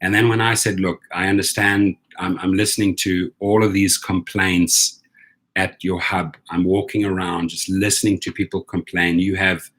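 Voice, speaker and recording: Man, low husky voice, indignant storytelling rant, keeps asking right. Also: fairly bright tone. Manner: indignant, repeats "right?" to viewers. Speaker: rideshare driver and channel host. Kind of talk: casual storytelling rant to camera.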